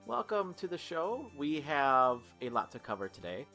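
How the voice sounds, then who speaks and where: A man hosts a gaming podcast with a bright, lively voice that moves all over. He chats casually, laughs easily and rambles through half-formed questions. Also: fairly high pitch, normal speed, soft background music. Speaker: podcast host. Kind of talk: casual chat.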